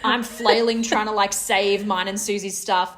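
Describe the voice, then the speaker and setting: A woman co-hosting a chat, telling a wild story with laughs and acted-out shouts. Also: medium pitch, normal speed, a little hiss or hum. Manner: lively, laughing, acts out her own shouts. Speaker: podcast co-host telling a story.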